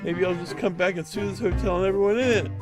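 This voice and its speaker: A man's voice: high voice, fast, over loud music, pitched above the performer's own voice, natural voice. A man voicing a male hotel cleaner in a game who pleads and protests. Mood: indignant. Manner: pleading, indignant.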